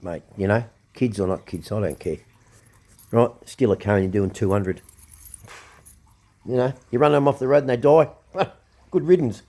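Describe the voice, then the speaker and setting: A man's voice: lowish voice, warm tone. An Australian man hosting his own show, ranting angrily with lots of swearing and repetition. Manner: swearing, blunt, repeats himself. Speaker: show host. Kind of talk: angry ranting commentary.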